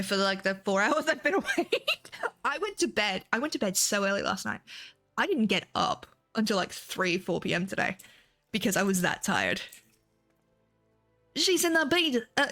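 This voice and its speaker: A woman's voice: on the high side, a bit bright. A young woman chatting casually on a game stream, swearing freely and laughing often. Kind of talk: casual gameplay stream chat.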